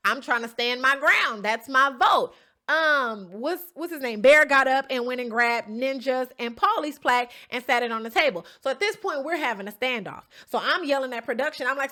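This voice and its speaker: Emphatic woman, bright voice, recapping. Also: high voice, animated, normal speed. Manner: emphatic, keeps checking in with "okay?" and "right?"; swears casually, storytelling tone. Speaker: reality show contestant recapping an episode. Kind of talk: casual recap to camera.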